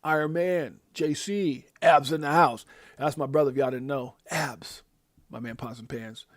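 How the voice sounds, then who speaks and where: A man hosting a live stream, casually reeling off shout-outs to viewers with loud, excited bursts. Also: dry recording, studio quality. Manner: lively, hyped, drawn-out shout-outs with sudden loud high bursts. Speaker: livestream host.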